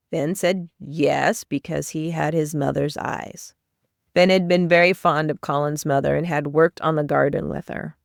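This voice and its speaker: A woman's voice: on the low side, no echo, clean studio sound. A woman hosting a podcast, giving a chapter-by-chapter book summary in plain storytelling with brief asides. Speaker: podcast host summarizing a novel.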